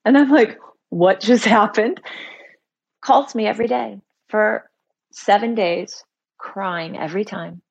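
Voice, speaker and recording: A woman guest on a talk show, telling a personal story in a lively way and acting out the voices of the people in it. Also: medium pitch, a little slow, creaky, slightly rough, highs cut off. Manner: lively, acts out voices in quotes. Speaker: author guest. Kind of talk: animated storytelling.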